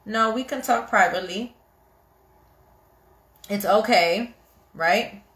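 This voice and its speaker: A woman hosting a casual live chat about marriage, animated and chatty, often acting out what people say. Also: medium pitch, slow. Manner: animated, chatty, quotes people in little acted voices. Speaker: host of a live chat for couples. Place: home, kitchen nearby. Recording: echoey room.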